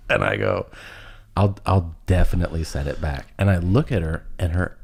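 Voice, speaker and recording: A middle-aged man telling a long, funny personal story on a podcast. He laughs through it and pauses often. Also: sits low, creaky, darkish tone. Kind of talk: casual storytelling chat.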